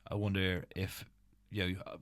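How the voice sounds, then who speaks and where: A man's voice: sits low, level tone, normal speed, fairly bright tone, no room sound. A man hosting a podcast, talking casually and bluntly, swearing and laughing easily. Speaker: podcast host. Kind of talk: casual interview chat.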